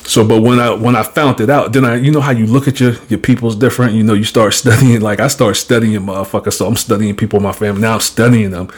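A man hosting a podcast, talking in a casual, blunt and profane way as he tells an animated story and gives his views. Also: on the low side, fast, few pauses, husky. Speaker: podcast host.

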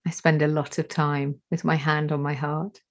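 A woman leading a guided meditation, giving slow, soothing instructions with long pauses between phrases. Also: low voice, little pitch movement. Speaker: meditation teacher. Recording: dull lo-fi recording.

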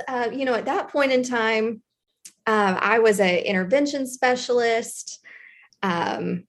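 A woman with a Southern US accent telling a school story in a casual chat, animated and chatty with plenty of fillers. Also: on the high side. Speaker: guest storyteller, former intervention specialist.

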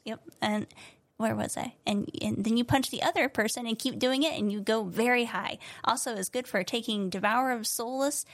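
A woman co-hosting a casual podcast, cheerful and encouraging, quick to praise her partner. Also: a little high. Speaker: podcast co-host.

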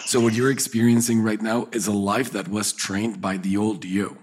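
A man co-hosting a casual podcast, calmly explaining how people handle emotions in confident, measured statements. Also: on the low side, a little hiss or hum. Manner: calm, explanatory, speaks in confident pronouncements. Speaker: podcast co-host, personality-type coach.

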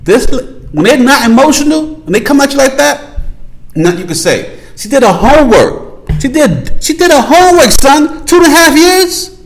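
A male podcast host with a high-pitched voice that swings widely up and down as he drives his points home. He rants in a casual, profane monologue, addresses his listeners directly with slang, and hammers his claims through repetition. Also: sing-song, normal speed, poor audio. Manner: emphatic, profane, repeats points for emphasis.

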